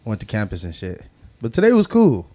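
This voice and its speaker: A man's voice: on the low side, huge pitch swings, brisk, dark tone, no echo. A man co-hosting a casual podcast chat, joking in laid-back slang and laughing often. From Southern California. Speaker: podcast co-host.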